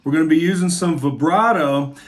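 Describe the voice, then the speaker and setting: A man's voice: a little high, fairly quick. Encouraging man teaching guitar. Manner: friendly, encouraging, thinks aloud. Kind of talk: casual guitar lesson. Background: guitar playing.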